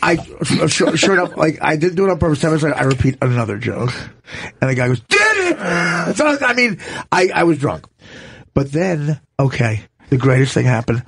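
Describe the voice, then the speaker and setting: A male comedian telling a stage story in casual chat, animated and shouting his punchlines. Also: medium pitch, a little fast, vocal fry, slightly rough.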